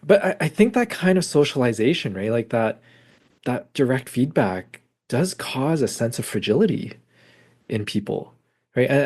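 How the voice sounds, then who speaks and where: Guy psychologist on a podcast, chatty, acts out the dialogue in his stories, mid pitch. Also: breathy edge. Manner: animated storytelling, acts out dialogue. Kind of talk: casual conversation.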